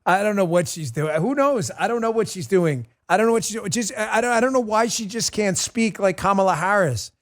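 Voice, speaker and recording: Combative high-pitched male talk host. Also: brisk, few pauses. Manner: combative, mocking, emphatic. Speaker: political talk show host. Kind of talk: political commentary monologue.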